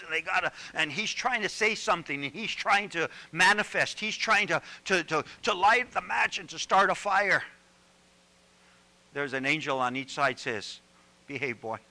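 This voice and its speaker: Forceful, animated male preacher. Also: high voice, poor audio. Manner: animated, joking, repeats words when worked up. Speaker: pastor. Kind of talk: sermon.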